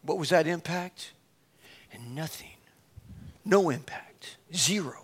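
A man preaching a sermon, telling a funny personal story in an animated, self-mocking way and acting out the dialogue, then urging his listeners on, sometimes up to a shout. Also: on the high side, takes it slowly, breathy edge.

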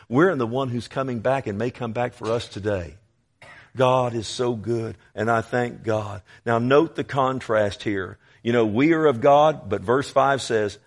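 A male preacher delivering a verse-by-verse sermon. He speaks straight to his listeners, and his voice swells into loud, emphatic exhortation. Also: mid-range voice, moderate pace. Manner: addresses listeners directly. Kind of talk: expository sermon.

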